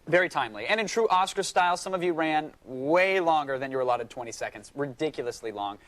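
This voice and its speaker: A man's voice: on the high side, lively intonation, fast, a bit bright. A young man co-hosting a TV show, bantering and teasing in an upbeat announcer manner. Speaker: co-host. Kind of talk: joking TV studio banter.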